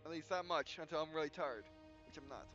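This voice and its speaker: A man hosting a gameplay video, reading tutorial text aloud with halting restarts and yawns. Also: on the high side, a bit bright, lo-fi sound, faint music behind. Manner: halting, frequent restarts, yawning. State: yawning.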